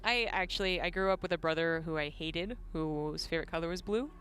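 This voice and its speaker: A woman's voice: on the low side, brisk, a bit bright, a little hiss or hum. A Canadian woman co-casting a strategy game match, playful and laughing often as she analyzes. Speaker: esports co-caster. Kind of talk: color commentary. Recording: faint music behind.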